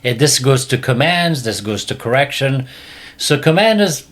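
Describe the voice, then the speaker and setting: A man's voice: lively intonation, moderate pace. Emphatic man hosting a podcast. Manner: emphatic and repetitive, drops voice low and quiet often. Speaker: podcast host, dog trainer. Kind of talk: casual podcast talk.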